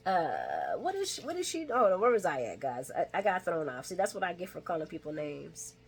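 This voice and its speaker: A woman chatting casually through a recap, laughing often and acting out lines in a higher voice. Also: wildly swooping pitch, a little fast, husky. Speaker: soap opera recap vlogger.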